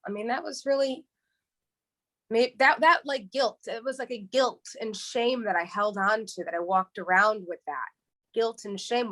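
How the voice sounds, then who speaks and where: A woman's voice: medium pitch, a bit bright. New york woman guest, stops and restarts a lot, heartfelt, mid-range voice. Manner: halting, repeats words and restarts often; heartfelt and earnest. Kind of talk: emotional interview, candid storytelling.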